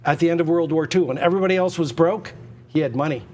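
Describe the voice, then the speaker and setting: A man running a live auction stream, pitching hard with emphatic, repetitive, excitable patter. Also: fast, big-room sound.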